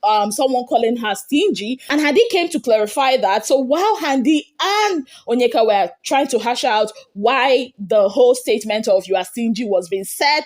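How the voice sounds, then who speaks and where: A woman's voice: normal speed, hardly any pauses. Chatty woman gossip host. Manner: animated retelling, acting out quotes with big pitch jumps. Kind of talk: casual chat recapping reality TV.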